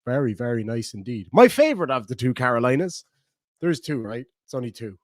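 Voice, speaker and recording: A man's voice: medium pitch, big pitch swings, brisk, no room sound, studio quality. A middle-aged Irish man hosting a livestream, casually rambling and joking as he reads out viewer comments. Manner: rambling, jokey, chatty. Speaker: livestream host. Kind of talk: casual chat reading live comments.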